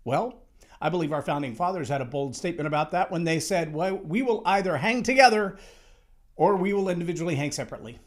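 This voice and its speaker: A man's voice: fairly high pitch, lively intonation, fast. A man giving a motivational talk on leadership, emphatic and storytelling, acting out the quotes he tells. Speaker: speaker on leadership.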